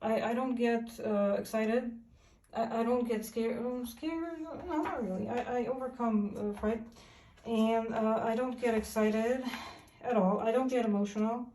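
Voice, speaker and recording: A woman's voice: fairly high pitch, warm tone, slight background noise. A woman giving a rambling vlog monologue that halts often and is full of fillers and restarts. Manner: halting, many fillers and restarts. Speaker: vlogger. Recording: echoey room, far from the mic.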